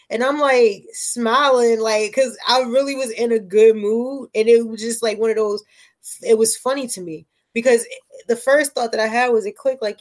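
A woman telling a story in casual chat, animated and profane, often checking in with "right?". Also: on the high side, normal speed.

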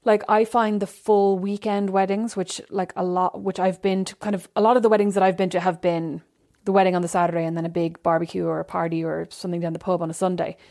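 A woman's voice: on the low side, flat delivery, fast talker, hardly any pauses, darkish tone. A young woman, chatting casually as a podcast co-host and telling a story, acting out the quotes with lots of life. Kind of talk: casual chat.

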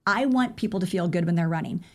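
A woman with a fairly low voice guests on a podcast, a running coach telling stories in a casual interview. She talks rapidly and animatedly, acting out quoted dialogue and peppering her speech with "like" and "I mean."

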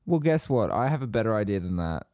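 A man's voice: lowish voice, big pitch swings, quick pace, mellow, no echo, clean studio sound. A man co-hosting a casual podcast, teasing and playful in banter. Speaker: podcast co-host.

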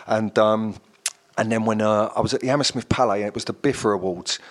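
A man's voice: fairly low pitch, fairly even intonation, brisk. A middle-aged man, chatting casually as a guest and rambling through stories with lots of fillers. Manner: rambling storyteller with many fillers. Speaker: actor guest. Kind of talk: casual chat.

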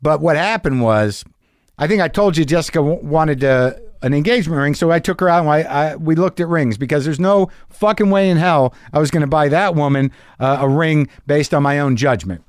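A man's voice: fairly high pitch, a little fast, clear, resonant tone, dry recording, clean studio sound. A middle-aged man hosting a podcast, telling a rambling, profane, self-mocking story in a casual monologue. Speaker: podcast host.

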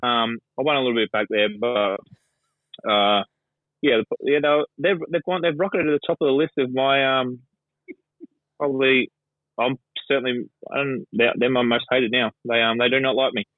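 A mid-range, steady-toned Australian man talks sport at a moderate pace as a guest pundit. The phone-line recording is dry, and his casual chat wanders, peppered with swearing and fillers.

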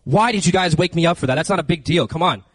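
A man's voice: fairly high pitch, fast talker, no echo, natural voice. A man doing a tired, unbothered teacher. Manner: casual, offhand scolding. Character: weary, unbothered male teacher woken from a nap.

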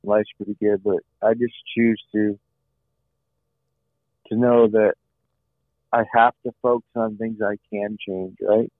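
A man's voice: on the low side, flat delivery, slow pace, pauses often, dry recording. A middle-aged man, an interview guest, telling his own story in an earnest way, repeating phrases and often saying "you know". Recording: dry, phone-like line.

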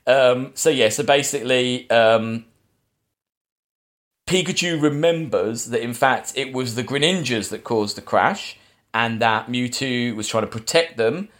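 A man hosting a relaxed film podcast, his voice sitting in an ordinary middle pitch. He recaps the plot in a loose, rambling way, stopping and restarting and leaning on filler words. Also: a little slow. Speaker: podcast host. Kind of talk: casual film chat.

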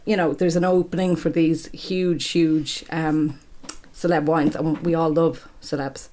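A woman co-hosting a podcast, chatting casually with strong, animated opinions. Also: deep voice, a little slow. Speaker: podcast co-host. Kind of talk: casual chat.

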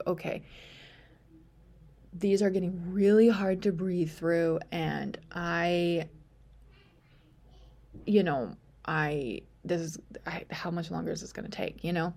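A woman's voice: lowish voice, fairly even intonation, slow pace, gravelly, long pauses, a little mellow. A young woman podcast host telling a personal story in a chatty way, full of fillers, sometimes dropping to a whisper.

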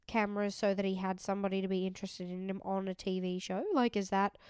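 A woman's voice: medium pitch, flat delivery, fast talker, a little mellow, clean tone, dry recording, studio quality. A woman co-hosting a podcast, joking bluntly and sarcastically in casual chat. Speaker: podcast co-host. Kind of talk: casual chat recapping a reality show.

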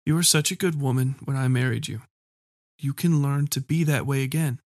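A man's voice: mid-range voice, fairly quick, no room sound, studio quality, lightly acted. A man voicing a controlling, menacing husband who speaks in a demanding way. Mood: coldly calm. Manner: demanding, then eerily calm.

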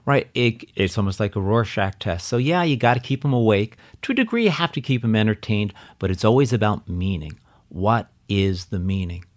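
Deliberate male speaking coach hosting. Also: lowish voice, animated. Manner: deliberate, explains step by step. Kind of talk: conversational interview, instructive.

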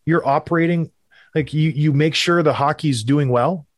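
A Canadian man co-hosting a casual sports chat, animated and teasing, often mock-outraged. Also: a little high, moderate pace, dry recording, clean studio sound. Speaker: podcast co-host.

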